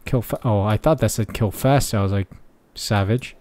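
A man's voice: fairly low pitch, moderate pace, darkish tone, dry recording. A young man giving muttered, sarcastic let's-play commentary from his desk microphone. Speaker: gaming channel host.

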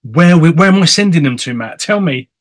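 An English man hosting an interview show in a casual, chatty way, animated and playful. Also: a little high, fairly quick. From England. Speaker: host. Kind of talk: casual chat.

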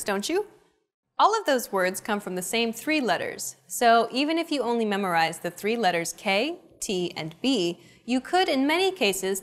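A woman hosting a language lesson, reading a scripted explanation and cheering learners on with short prompts. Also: fairly high pitch. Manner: bright, encouraging teacher prompts.

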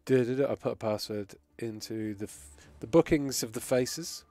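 A man's voice: mid-range voice, moderate pace, warm tone, no echo. A man hosting a gaming stream, chatty and jokey, reading out results and viewer messages. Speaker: streamer host. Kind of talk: casual gaming stream chat.

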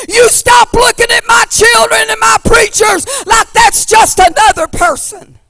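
A woman preacher delivering a fiery revival sermon in a folksy, plain-spoken way, swinging from hushed asides to shouted preaching. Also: very high-pitched, level tone, measured pace, few pauses, loud music behind the voice.

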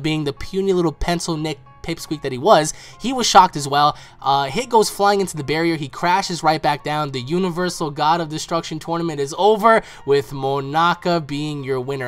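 A man hosting an online video, excitedly recapping an anime episode in casual, emphatic commentary. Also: sits high. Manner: excitable, emphatic, acts out characters' lines in quotes. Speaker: anime reaction channel host.

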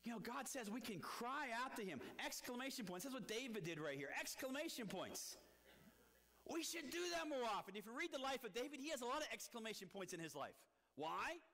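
A man's voice: very high voice, very animated, a little fast, pushed and bright. A man preaching a sermon, emphatic, with many rhetorical questions and rising and falling delivery. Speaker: pastor. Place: church sanctuary. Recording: long church reverb.

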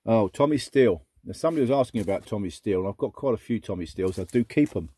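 A middle-aged man chatting casually as he sorts through a box of old records, muttering asides and breaking into excited exclamations. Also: fairly low pitch, rapid-fire, breathy edge, dry recording. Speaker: record collector vlogger. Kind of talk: casual unboxing chat.

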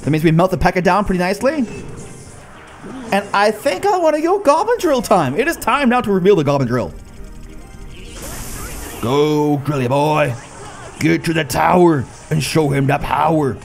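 A young man giving excited live commentary on his own gameplay, talking to his cards and his viewers and calling himself a nub. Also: a little high, moderate pace, gravelly, pauses often. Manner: excitable, talks to the cards and the viewers, self-mocking. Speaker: gaming YouTuber. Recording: faint music bed behind the voice.

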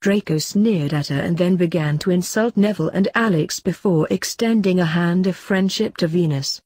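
Woman reading fanfic, low husky voice, dry close sound. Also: normal speed, darkish tone, no room sound. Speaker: fanfiction reader.

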